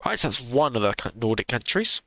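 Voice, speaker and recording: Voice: mid-range voice, big pitch swings, a little fast, pushed and bright, no room sound. A streamer giving sarcastic live reaction commentary into a close desk mic, swearing freely.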